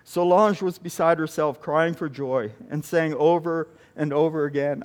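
A man preaching, retelling a missionary testimony with frequent halting restarts. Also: on the high side. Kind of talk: sermon storytelling.

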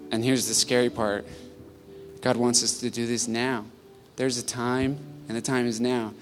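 A male pastor preaching in a church sanctuary, earnest and conversational. His voice rises to loud, pleading peaks and then falls back to quiet reflection. Soft music plays faintly beneath him. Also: medium pitch, level tone, measured pace. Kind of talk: sermon.

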